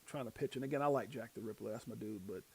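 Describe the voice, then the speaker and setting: A man hosting a live stream, talking loosely with plenty of slang and tangents. He wanders off track, laughs at himself, and reacts out loud to what he reads. His pitch sits in a typical male middle range. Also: quick pace, creaky, breathy edge. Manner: rambling, self-deprecating, slangy. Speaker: livestream host. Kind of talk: casual live stream commentary.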